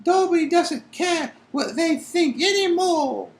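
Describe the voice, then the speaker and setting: A squeaky little elf boy. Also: expressive, slow, full character voice. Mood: defiant. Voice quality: squeaky, very high. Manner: ungrammatical, defiant elf speech. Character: small male house-elf, eager and grateful. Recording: roomy echo.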